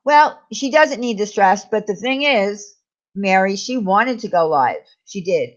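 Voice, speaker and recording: Over slightly dull lo-fi audio, a woman hosts a casual live stream in an animated, mid-range voice that runs a little slow. She chats with viewers, reads their comments, and reassures them, calling each by name.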